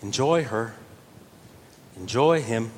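A man preaching a sermon earnestly, his voice swelling louder on key phrases. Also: animated, slow. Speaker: pastor. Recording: reverberant church hall with faint rumble.

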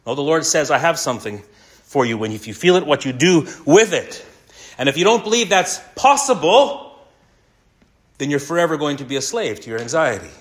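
A man preaching a sermon earnestly, slowing down and repeating key lines for emphasis. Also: fairly high pitch, very animated. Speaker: pastor.

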